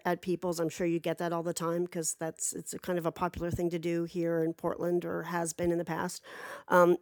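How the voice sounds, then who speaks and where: A woman's voice: fairly low pitch, a little mellow, dry recording. A woman casually telling a personal story, rambling with many fillers and restarts and swearing freely.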